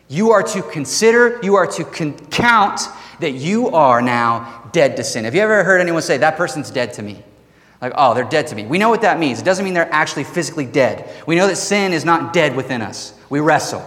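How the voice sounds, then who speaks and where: A man preaching a sermon as pastor, animated and emphatic, with rhetorical questions to the congregation. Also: fairly high pitch. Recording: long hall reverb.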